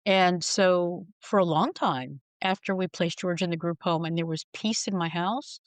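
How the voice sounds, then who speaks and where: A middle-aged woman on a podcast shares candid, wry stories, talking frankly and voicing the characters she quotes. Her voice is lowish at a normal speed, with no echo.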